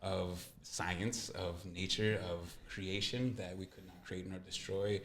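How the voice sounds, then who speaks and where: A man's voice: sits low, fairly even intonation, takes it slowly, fairly bright tone, echoey room, slight background noise. A young man, a guest in a casual interview, telling his story earnestly and reflectively. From California.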